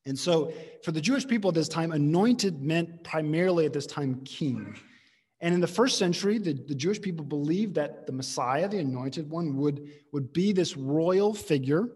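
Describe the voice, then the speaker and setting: Husky-voiced pastor preaching in a hall. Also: male voice, a little high, a little mellow. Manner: conversational, emphatic teaching with frequent restarts. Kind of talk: sermon.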